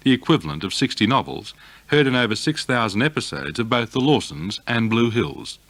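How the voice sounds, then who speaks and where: A man narrating a radio documentary in a measured, formal way. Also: mid-range voice, very animated, a bit bright, no echo. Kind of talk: scripted narration.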